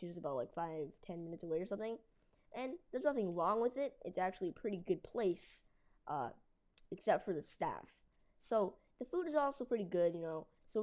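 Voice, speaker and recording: A woman's voice: mid-range voice, darkish tone. A woman telling a story casually, rambling with lots of fillers and mild slang. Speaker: storytelling video creator.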